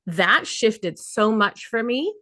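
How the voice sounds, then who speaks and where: A woman co-hosting a podcast in a casual spiritual chat, animated and laughing as she acts out her own inner voices. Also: fairly high pitch, slow pace, no room sound, studio quality. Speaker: podcast co-host.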